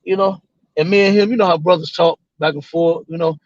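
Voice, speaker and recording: A man, a guest on the show, telling a story in a loose, animated way, acting out other people's lines and swearing freely. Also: a little high, fairly quick, dry recording, muffled recording. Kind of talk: casual storytelling.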